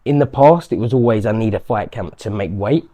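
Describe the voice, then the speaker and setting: A fast-talking man chats casually in an interview, a professional fighter telling stories. His voice sits low and dark, mellow rather than bright. He keeps slipping into quick impressions of strangers. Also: lively intonation. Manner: chatty, acts out quotes of strangers. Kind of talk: casual chat.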